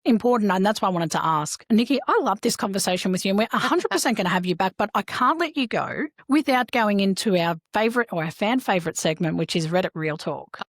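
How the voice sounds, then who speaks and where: A woman hosting a podcast, telling stories in a lively way and acting out the people she quotes. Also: mid-range voice, fast talker, few pauses, no echo, studio quality. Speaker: podcast host. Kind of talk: casual podcast chat.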